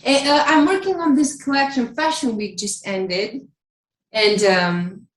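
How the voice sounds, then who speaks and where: A woman's voice: a little high, fairly even intonation, a little slow, reverberant, lightly acted, poor audio. A woman playing a tired, self-important male fashion designer diva with an affected drawl. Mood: languid. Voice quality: affected fake upper-class accent, drawling.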